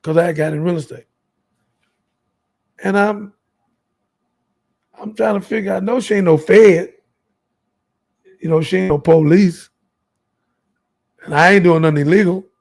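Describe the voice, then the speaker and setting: Gravelly high-voiced man. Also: a little slow, long pauses. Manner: animated, emphatic, colloquial. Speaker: guest. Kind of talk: storytelling.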